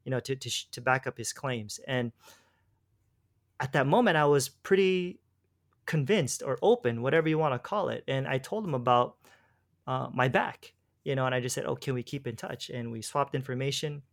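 A man in relaxed conversation tells a long personal story. He rambles, restarts his sentences and drops in slang like "bro". His voice sits at an ordinary middle pitch. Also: moderate pace. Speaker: guest telling his faith story.

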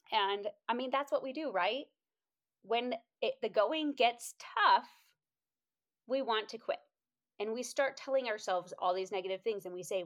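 A woman telling a motivational story in a casual, animated way, quoting herself in high voices and laughing often. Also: normal speed. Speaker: inspirational speaker.

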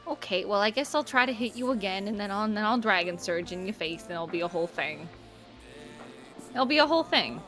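A woman's voice: medium pitch, fairly quick. A woman playing a tabletop game, chatting casually and whooping at her rolls. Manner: excitable, whoops and laughs at good rolls. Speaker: player. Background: music.

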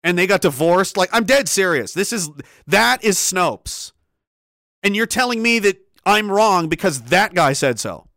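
Man, livestream host, swears a lot, rambling, emphatic, slightly high voice, dry close mic. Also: lively intonation, unhurried, bright, forceful tone, no room sound. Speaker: livestream host reading chat. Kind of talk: casual livestream rant.

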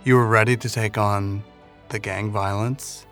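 Brief: male interviewer, builds his questions in a repeated pattern, somewhat low voice. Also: fairly even intonation, a little slow, a bit bright, faint music behind.

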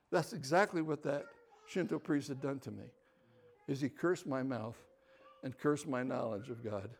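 An older man giving a personal storytelling talk as a guest speaker, lively and shifting between quiet asides and loud animated bursts. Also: mid-range voice, unhurried, creaky, long pauses.

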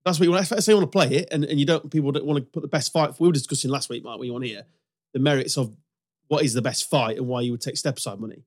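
Fast-talking podcast host. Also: male voice, medium pitch. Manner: chatty, jokey, laughs often. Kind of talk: casual chat.

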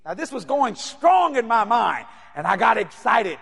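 Animated high-voiced preacher man. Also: unhurried, creaky, breathy edge. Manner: animated, shouting, playful. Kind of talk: sermon with storytelling.

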